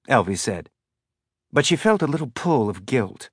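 A male narrator reads an audiobook at a steady, even pace. His voice sits mid-range, recorded close and dry with no room sound. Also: mid-range voice, moderate pace, slightly rough, no echo.

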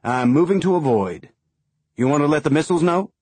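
A man's voice: a little high, expressive, brisk, a little mellow, husky, no echo, voice pushed up. A man voicing a laid-back pilot under fire in an audiobook, easygoing and joking.

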